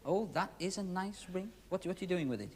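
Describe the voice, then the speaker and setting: This magician hosts a 1970s television show, bantering and teasing audience volunteers as he talks them through a trick before a studio audience. He speaks briskly and animatedly in a high-sitting voice, and the recording is very noisy.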